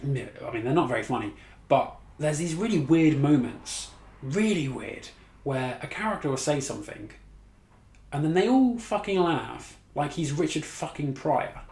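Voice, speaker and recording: A man's voice: on the high side, animated, normal speed, darkish tone. A man giving a casual movie review, blunt and sweary, mocking what he disliked. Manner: blunt, sweary, exasperated, laughs at his own mockery. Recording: echoey room.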